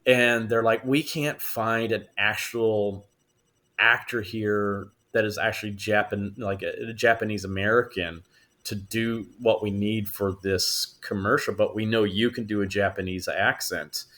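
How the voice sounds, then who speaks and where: His voice is lowish, pushed and bright, with fairly even intonation and a slightly slow pace. As a podcast guest, the actor spins animated stories, often laughing and acting out quoted voices.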